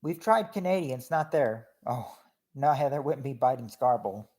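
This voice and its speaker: A man hosts a casual game night stream, ruling on guesses one after another. His voice sits in an ordinary middle pitch. He talks in a chatty, halting way, restarting words and letting lines trail off quietly. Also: animated. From Kentucky. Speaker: game host reading out guesses. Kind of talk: casual livestream game commentary.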